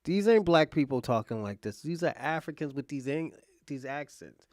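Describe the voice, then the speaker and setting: A man with a notably high voice rants bluntly and crudely, mocking as he reacts. His sound is dry and close to the mic. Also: lively intonation, moderate pace, darkish tone, no room sound. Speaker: host. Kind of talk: profane reaction commentary.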